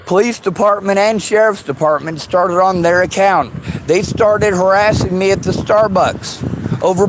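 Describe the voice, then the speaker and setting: A man's voice: high voice, a little hiss or hum, low-quality recording. A man in an angry personal rant, swearing heavily and lashing out with bitter sarcasm.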